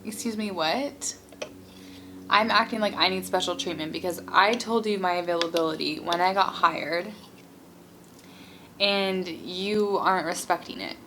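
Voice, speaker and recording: A woman's voice: fairly low pitch, normal speed, noisy background. Chatty young woman telling a story. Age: young adult. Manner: chatty, heavy use of "like", exasperated. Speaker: vlogger. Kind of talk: casual storytime while eating.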